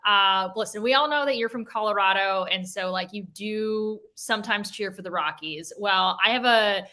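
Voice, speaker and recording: A woman's voice: medium pitch, normal speed, pushed and bright. A young woman co-hosting a sports show, chatting casually and rambling, with many fillers and some teasing. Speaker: co-host. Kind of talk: casual chat.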